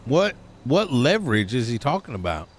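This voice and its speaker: A man's voice: medium pitch, very animated, moderate pace. A man playing a police officer in role-play, reasoning things out and asking questions. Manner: questioning, reasoning, laughs easily. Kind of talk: in-character role-play chat. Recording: clear background noise.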